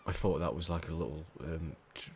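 Deep-voiced English gamer, jumpy and swearing. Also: male voice, fairly even intonation, brisk, a little mellow, a little hiss or hum. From England. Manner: jumpy, swearing, panicky muttering. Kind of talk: let's play commentary. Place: small hot room at home.

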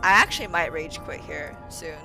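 A woman streaming a horror game live, reacting with frustration, swearing and sudden shrieks while talking to her chat over loud game music. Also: low voice, moderate pace, creaky. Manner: talks to chat viewers. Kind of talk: live gameplay commentary.

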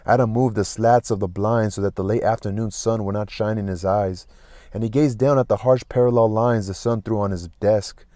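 A man reading a classic novel aloud as an audiobook, in a steady, unhurried way. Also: fairly low pitch, dry recording, studio quality. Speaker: audiobook narrator.

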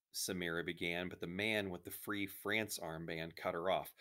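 A man reading a children's novel aloud in a steady, even narration. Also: low-pitched, moderate pace.

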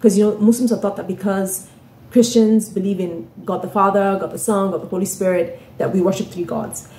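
A woman's voice: mid-range voice, fairly even intonation, brisk, warm tone, a little hiss or hum. A woman telling a story in a casual vlog, chatty, often asking "right?" and "you know". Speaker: author and vlogger. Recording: roomy echoey room.

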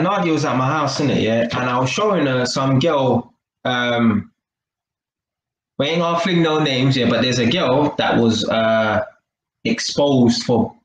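A man's voice: mid-range voice, a bit bright, echoey room, low-quality recording. A man giving a casual live-stream talk to his viewers, chatty and full of tag questions. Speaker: vlogger.

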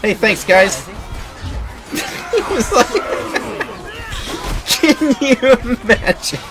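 A man's voice: sits high, wildly swooping pitch, extremely slow. A young man hosting a gaming video, giving casual gameplay commentary, laughing constantly and swearing as he rambles jokes. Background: game music and battle sounds.

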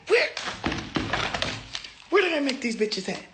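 A woman ranting into her phone camera in casual speech, swearing and breaking into high-pitched wails and shouts. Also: big pitch swings, measured pace, slight background noise. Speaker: comedian venting on social media. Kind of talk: ranting selfie video.

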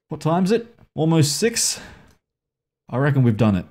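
A warm, rather high, sing-song male voice, a little slow, belongs to a gaming host anxiously narrating a horror game. He swears often and his pitch leaps when he's startled. He coaxes the characters along and scolds them too.

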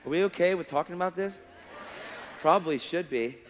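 Brief: casual, animated male preacher, a bit high, in a reverberant hall. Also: fairly quick, slight background noise. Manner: animated, casual slang, acts out dialogue. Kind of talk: sermon testimony storytelling. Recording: long hall reverb, faint music.

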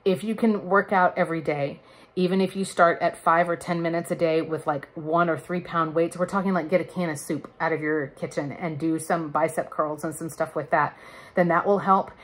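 A woman in her thirties with a low voice speaks at normal speed with fairly even intonation. She's a vlogger chatting candidly to camera in a casual video, laughing now and then.

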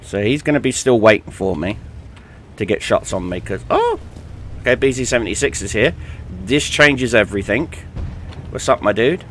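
A man's voice: fairly low pitch, lively intonation, normal speed, a bit bright, slight background noise. A young British man giving casual, joking gameplay commentary, with lots of ums and uhs. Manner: chatty, joking, many fillers. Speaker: gaming YouTuber.

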